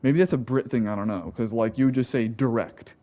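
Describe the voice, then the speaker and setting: Through a muffled recording, an American gameplay commentator talks briskly in a medium-pitched voice. His let's-play commentary rambles and turns profane, and he corrects himself as he goes.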